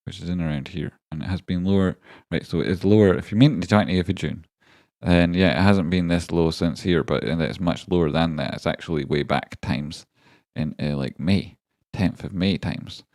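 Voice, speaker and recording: A man's voice: deep voice, moderate pace, a little mellow, dry recording, clean studio sound. A man rambling through live chart analysis, joking and talking to viewers by name. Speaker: stock market streamer. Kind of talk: live-streamed chart analysis and chat reading.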